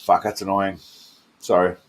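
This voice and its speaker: Hosting a reaction video, this man talks over clips in a low, flat voice at a normal pace, and the recording is very noisy. His commentary is loose and casual: he rambles, swears, chuckles, and drifts off on tangents.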